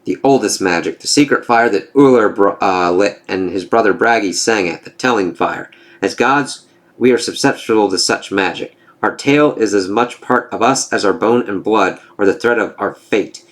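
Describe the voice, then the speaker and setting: A man's voice: fairly low pitch, normal speed, close to an everyday voice. A man reading the lines of a bitter, mocking female enchantress from a comic, in a sarcastic, scornful way.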